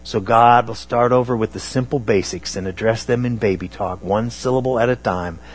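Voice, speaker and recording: A man preaching a sermon on scripture, talking in a halting way with many fillers and restarts. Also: mid-range voice.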